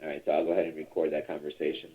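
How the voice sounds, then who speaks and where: Deep voiced guy rambling thru a training call, lots of uhs, phone line sound. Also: completely flat delivery, very fast, slightly rough. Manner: chatty, rambling with many fillers.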